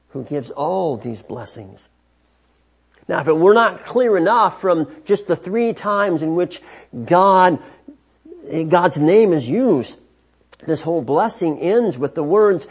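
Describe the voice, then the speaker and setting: High-voiced, husky, slow Bible teacher man. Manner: measured, emphatic explaining with frequent restarts. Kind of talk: scripture teaching. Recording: dull lo-fi recording.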